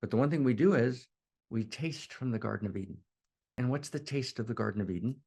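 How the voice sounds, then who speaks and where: A man's voice: medium pitch, fast talker, creaky, warm tone, slightly rough. A man, a spiritual teacher, telling a teaching story in a digressive way and often checking in with "right?".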